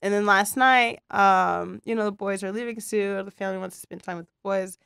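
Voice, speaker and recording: A woman's voice: medium pitch, a little fast, gravelly, smooth, no room sound, clean studio sound. A woman co-hosting a podcast, chatting casually and acting out the quotes in her funny stories with bursts of laughter. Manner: animated storyteller who acts out quoted dialogue with laughter. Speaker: podcast co-host. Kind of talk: casual chat, storytelling.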